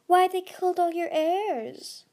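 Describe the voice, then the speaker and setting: A woman voicing a scheming female desert dragon who speaks smoothly, with a purr. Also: high voice, moderate pace, pitched above the performer's own voice, lightly acted. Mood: silky. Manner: smooth, purring.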